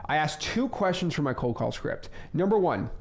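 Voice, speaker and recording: Young man, lively swooping voice, slightly high, casual coaching lecture, jokey asides. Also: moderate pace. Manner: joking, rambling asides with sudden loud bursts. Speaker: real estate wholesaling coach.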